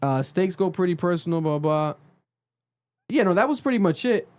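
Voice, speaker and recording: In a podcast studio, a male co-host recaps a reality show in casual chat at normal speed. He tells it with animated storytelling, acting out quotes with sudden, big pitch jumps.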